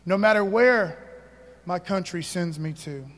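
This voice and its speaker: A man's voice: high voice, unhurried, big-room sound. A man pastor preaching a sermon, emphatic, calling out to the congregation for responses.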